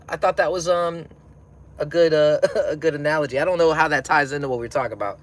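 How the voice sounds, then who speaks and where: A man's voice: on the high side, quick pace. A man hosting a livestream while stoned, rambling in a slangy way and laughing often as he chats and reads comments. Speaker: livestream host. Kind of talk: casual livestream chat, reading comments.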